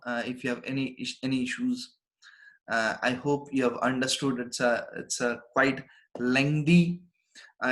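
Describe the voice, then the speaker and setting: Brief: man with an Indian English accent, teacher reading a story aloud and explaining it in a live class, mid pitch, restarts a lot. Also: sharp tone, low-quality recording. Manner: reads lines aloud, then explains them with restarts. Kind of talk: live online lesson, reading and explaining a text.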